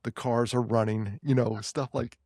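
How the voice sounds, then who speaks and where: A man with a New York accent, co-hosting a podcast and telling stories in casual, animated chat full of quick restarts. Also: mid-range voice, dry recording, clean studio sound. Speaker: podcast co-host.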